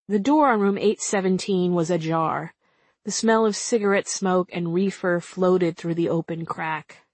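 Woman in her 30s reading her memoir out loud, wry and chatty, dry booth sound. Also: lowish voice, dry recording. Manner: wry, conversational. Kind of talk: audiobook memoir narration.

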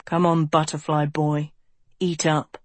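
A confident young prince with a breezy, teasing way of talking, voiced by a woman narrator. His lines are calm, low and slow, recorded dry and close. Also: no room sound. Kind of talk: audiobook character voice.

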